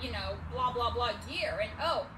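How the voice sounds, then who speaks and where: A woman co-hosting a live podcast, animated and fiery, swearing as she vents. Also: a little high, normal speed, noisy background. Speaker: podcast co-host. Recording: roomy, distant live-show audio with crowd.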